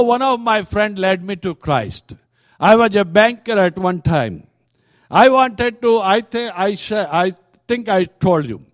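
An Indian man preaching a testimony sermon, earnest and halting, often restarting his sentences. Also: high-pitched, dry recording.

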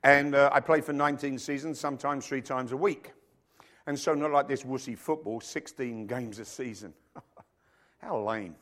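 A middle-aged male pastor preaching a sermon, reading scripture and telling jokey stories with loud acted quotes. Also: mid-range voice, normal speed. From rugby-playing country, emigrated to Africa.

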